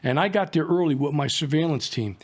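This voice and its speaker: A man's voice: a little high, brisk. A middle-aged man and former drug agent telling a war story in a rambling, profane, casual way, full of fillers.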